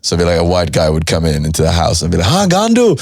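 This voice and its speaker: A man's voice: extremely low pitch, little pitch movement, very fast, creaky, darkish tone, no echo, clean studio sound. A man hosting a casual podcast chat, talking in a laid-back, rambling way with many fillers. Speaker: podcast host.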